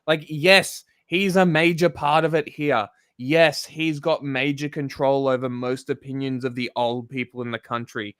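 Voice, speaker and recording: A man's voice: medium pitch, steady tone, a little slow, hardly any pauses, fairly bright tone, clear, resonant tone, no echo, clean studio sound. An Australian man streaming, ranting bluntly and swearing a lot as he reacts to a video. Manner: blunt, heavy swearing, exasperated. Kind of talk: casual profane rant.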